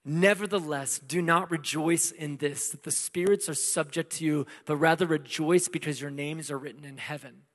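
A man preaching a sermon in a conversational way, asking rhetorical questions and swinging between loud emphasis and hushed asides. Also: on the high side, steady tone, normal speed, hardly any pauses. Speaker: pastor. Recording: long hall reverb.

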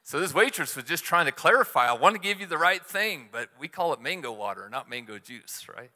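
A middle-aged man delivers a sermon in a relaxed, conversational storytelling way, poking fun at his own mistakes. His voice is bright and forceful. The recording carries the long reverb of a large hall. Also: on the high side, a little fast. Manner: conversational storytelling with self-deprecating humor. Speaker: church speaker.

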